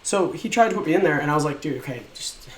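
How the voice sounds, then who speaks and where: A man's voice: on the high side, racing, slight background noise. A young man casually telling his own life story, rambling and frank, swearing often and acting out what people said.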